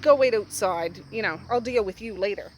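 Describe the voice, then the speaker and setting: A man's voice: high-pitched, normal speed, fairly bright tone, slight background noise. A woman voicing a young male biker who scolds a fellow gang member and coaxes a child. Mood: stern. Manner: scolding, exasperated.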